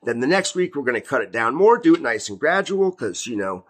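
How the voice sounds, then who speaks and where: A man's voice: mid-range voice, big pitch swings, a little fast, fairly bright tone. A man in his thirties giving a casual spoken testimony as a Christian video host, rambling with many fillers like "like" and "you know". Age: 30s.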